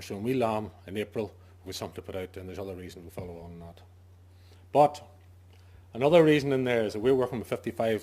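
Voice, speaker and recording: A man's voice: on the low side, darkish tone. A man, a sheep farmer, giving an informal talk to fellow farmers, stressing his points and asking himself questions, with the odd joke. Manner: emphatic, asks himself questions and answers them; jokey asides. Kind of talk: informal talk to a farming audience.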